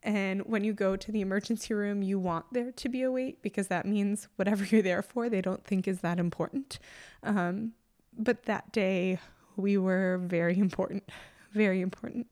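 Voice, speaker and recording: A young adult woman, a mother, telling a personal story in an emotional, halting way with many pauses and fillers. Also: medium pitch, fairly even intonation, a little mellow.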